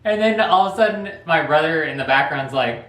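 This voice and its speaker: A man's voice: on the high side, animated, a little fast, a bit bright. A man hosting a vlog, telling a story casually in a rambling way and chuckling often. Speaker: vlog host. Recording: echoey room, faint noise.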